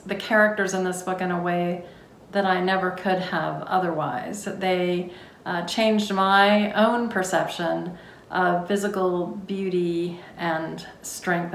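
Woman author, earnest, reflective, lower voice, roomy room, faint background hiss. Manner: earnest, reflective, with filler words. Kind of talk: author talk before a reading.

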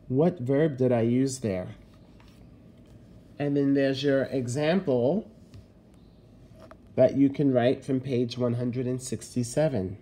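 A man's voice: mid-range voice, fairly even intonation, takes it slowly, long pauses, mellow. A man teaching a fifth-grade lesson in a recorded video, giving patient step-by-step instructions.

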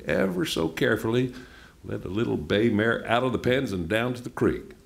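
A man reading a novel aloud at a book event in an unhurried, plainspoken way. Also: fairly low pitch, vocal fry. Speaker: reader.

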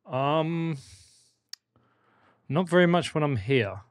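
A man's voice: a little high, animated, slow pace, clear, resonant tone, no echo. A man with an English accent trading comedic interview banter. His replies come out dry, blunt and unimpressed. The sound is close and dead, with no room around it. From England. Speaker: interview guest.

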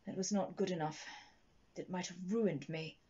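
Woman doing a cold, scheming male doctor, low and muttered; dramatic reading, dullish recording. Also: steady tone, normal speed, mellow, breathy edge, lo-fi sound. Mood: cold muttering. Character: cold, calculating male doctor, self-serving.

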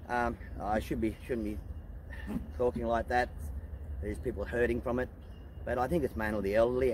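A man's voice: mid-range voice, slight background noise, low-quality recording. A middle-aged Australian man vlogging casually outdoors on his farm, rambling earnestly with many fillers and restarts. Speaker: homestead vlogger. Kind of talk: casual talk to camera. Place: outdoors on a farm among goats.

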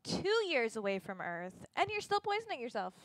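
A woman's voice: a little high, sing-song, normal speed. A woman voicing a young female student heroine who scolds her friend with sarcasm. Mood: scolding.

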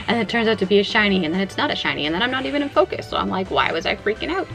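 A woman casually vlogging while she plays a phone game at home, chatty and excitable, talking to herself as she goes. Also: mid-range voice, rapid-fire, few pauses, faint music behind, low-quality recording. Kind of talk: casual gaming vlog.

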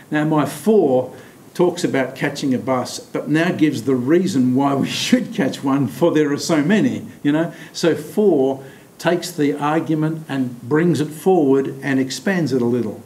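A man leading a Bible study. He explains scripture with many pauses and restarts, and slows down to stress key words. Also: a little mellow. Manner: thoughtful, halting, with many fillers and restarts. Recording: echoey room with faint rumble.

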